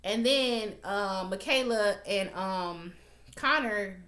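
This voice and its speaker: A woman recapping a TV episode for her viewers in a blunt, animated, profane rant. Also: mid-range voice, slow, reverberant. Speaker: TV recap vlogger.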